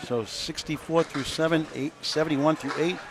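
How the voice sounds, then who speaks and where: Brisk male play-by-play caller. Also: fairly high pitch, steady tone, noisy background. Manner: brisk, reads scores and pin counts. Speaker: commentator. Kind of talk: live play-by-play commentary.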